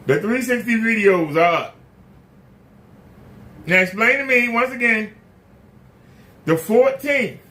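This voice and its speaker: A man's voice: high-pitched, lively intonation, slow pace, long pauses, sharp tone. A man hosting his own channel, ranting indignantly to the camera with repeated rhetorical questions. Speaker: YouTube channel host. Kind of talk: casual rant to camera.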